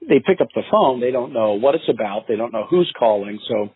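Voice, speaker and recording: A man who coaches real estate sales, telling stories and advice in a podcast interview, acting out calls in an animated way. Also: medium pitch, a little fast, husky. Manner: animated storyteller, acts out phone calls. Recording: tinny phone-line sound.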